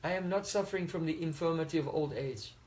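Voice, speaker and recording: A man acting out a serene young sage in a spoken story. He reasons calmly and philosophically, in a fairly high voice close to his own. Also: fast talker, slight background noise, natural voice, low-quality recording. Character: calm, detached young male sage.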